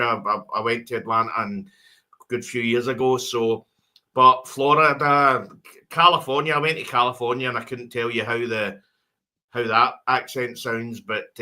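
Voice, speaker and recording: A Scottish co-host with a mid-range, sharp-toned voice chats casually on a podcast. He rambles through his thoughts, restarting a lot and repeating words.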